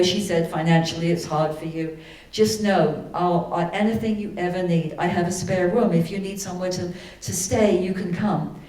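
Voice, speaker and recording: A woman giving a sermon, telling a personal story, then leading a slow, soothing guided meditation. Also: lowish voice, darkish tone. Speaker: spiritual speaker. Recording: echoey hall from far off.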